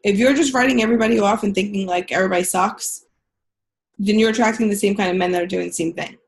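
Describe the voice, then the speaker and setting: A woman's voice: mid-range voice, quick pace, gravelly. A woman coaching a caller on a video call, talking in a direct, frank way and swearing casually. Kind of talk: coaching session on a group call.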